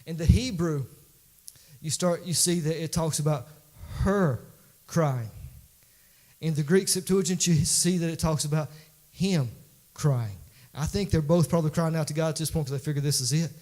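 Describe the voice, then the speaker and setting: A man's voice: on the high side, moderate pace, pauses often, darkish tone. A man, a pastor preaching a folksy, conversational sermon in a church that builds to emphatic peaks.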